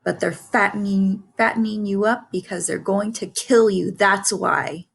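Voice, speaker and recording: A woman's voice: mid-range voice, fairly even intonation, measured pace, creaky, slightly rough. A woman voicing a blunt, gossipy old female sheep while reading a storybook aloud. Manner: blunt, matter-of-fact.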